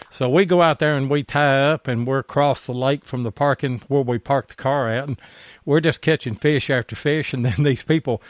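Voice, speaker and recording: A man's voice: medium pitch, no room sound, studio quality. A man, hosting a podcast and telling a folksy fishing story in casual chat. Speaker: podcast host.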